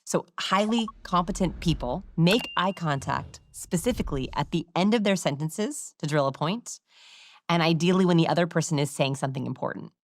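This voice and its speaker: A woman guest who researches body language, explaining her findings in a conversational interview in a lively, confident teaching manner with demonstrations. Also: on the low side, normal speed, no echo.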